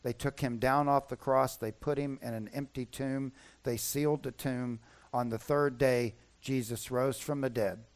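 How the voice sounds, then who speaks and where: A man's voice: mid-range voice, steady tone, a little slow. A man preaching a sermon as pastor, emphatic and repeating his key points.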